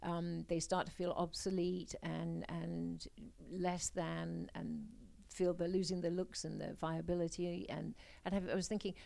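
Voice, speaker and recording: A woman's voice: lowish voice, flat delivery, unhurried, vocal fry, hardly any pauses, dark tone. A middle-aged woman, a talk show guest, speaking frankly and emphatically about her life. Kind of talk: casual interview chat.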